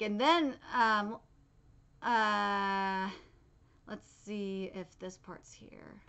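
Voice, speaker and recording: A woman's voice: mid-range voice, very slow, gravelly, fairly bright tone, clear, resonant tone, dull audio. A woman in her twenties doing live anime reaction commentary, talking loosely with lots of swearing, fillers and restarts, and reading manga dialogue aloud between her comments.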